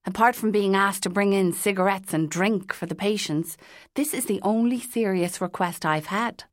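A woman's voice: mid-range voice, normal speed, no room sound, clean studio sound, lightly acted. A woman voicing a kindly male priest who works as an acting chaplain and speaks in an earnest, polite way.

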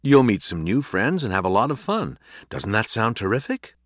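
A man's voice: lowish voice, sing-song, normal speed, no room sound, clean studio sound. A man voicing a cheerful family father in a storybook reading, upbeat and coaxing.

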